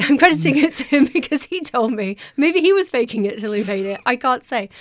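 A woman's voice: medium pitch, no room sound, studio quality. A woman in her thirties, a guest novelist chatting casually on a podcast, telling stories with lots of laughter. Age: 30s. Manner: lively storyteller, quick to laugh. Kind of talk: casual chat.

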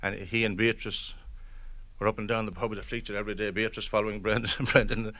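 A man's voice: on the low side, flat delivery, brisk, bright, forceful tone, no echo. A man reminiscing in an interview, telling anecdotes with hesitant restarts.

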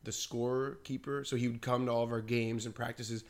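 A podcast co-host with a mid-range voice talks a little fast in a casual storytelling chat. He's animated, acts out quotes, and says "like" often.

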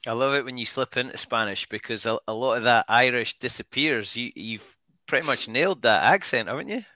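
A male podcast host with a bright, forceful voice at an ordinary pitch. He puts casual, encouraging questions to his guest. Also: a little fast.

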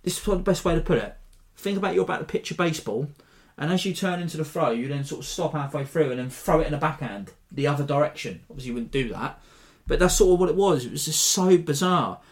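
A man hosting a podcast, giving a rambling, animated breakdown of a fight in a self-deprecating way. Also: on the high side, fast, few pauses. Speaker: podcast host. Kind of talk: casual fight analysis.

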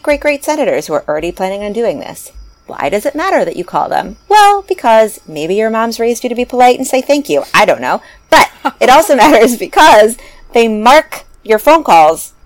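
A woman hosting a casual podcast chat, animated and joking as she urges listeners to act. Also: mid-range voice, no echo. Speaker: podcast host.

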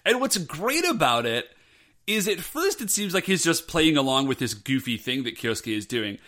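A man's voice: a little high, normal speed. A man co-hosting a casual podcast, recapping an episode and acting out characters' lines. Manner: animated, acts out quoted lines. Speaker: podcast co-host. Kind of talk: casual chat recapping a show.

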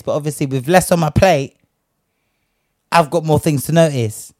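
A young man telling a story in casual chat, brash and profane, ranting with lively energy. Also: fairly high pitch, brisk, no room sound, clean studio sound.

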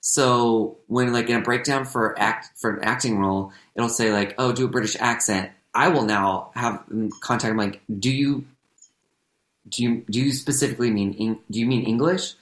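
An American man, an actor and comedian, chatting casually on a podcast in a rambling, self-correcting, animated way. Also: medium pitch, normal speed. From United States. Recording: roomy echo.

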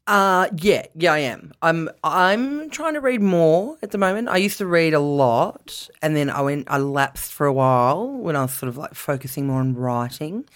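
A woman's voice: low-pitched, expressive, normal speed, hardly any pauses. A woman, a comedian guest, chatting playfully and poking fun at herself. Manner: playful, self-deprecating. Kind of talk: casual chat.

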